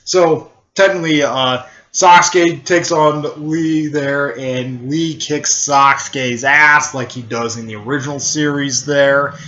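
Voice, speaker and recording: A man retelling a fan story in a rambling, halting way, full of fillers and restarts. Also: a little high, steady tone, sharp tone, muffled recording. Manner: halting, filler-heavy, repeats "technically" and "there".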